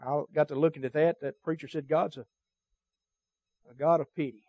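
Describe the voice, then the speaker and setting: A man's voice: on the high side, steady tone, moderate pace, darkish tone, dry recording. A man preaching a sermon to his church, emphatic and cadenced, his volume swelling and dropping. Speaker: pastor. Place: church service.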